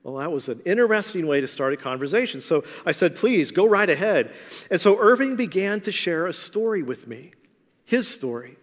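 A man preaching as a pastor, telling a story in an animated way with big swings in loudness. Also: high voice, normal speed. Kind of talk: storytelling sermon. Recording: long reverb of a large hall.

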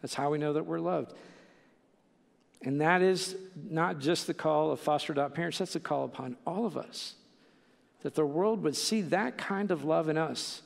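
Casual male preacher, middle-aged, gravelly and slightly high, echoing through a church hall. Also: normal speed. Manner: conversational, with many fillers and "right?" asides. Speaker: pastor. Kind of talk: sermon.

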